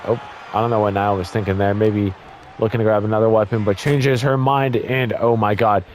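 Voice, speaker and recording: A man's voice: on the low side, a little fast. Young male gaming commentator, worn voice, eager play-by-play, faint hiss under it. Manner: excitable, blurts exclamations, stumbles and corrects himself. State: voice getting worn from talking. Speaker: gaming YouTuber commentating a wrestling game.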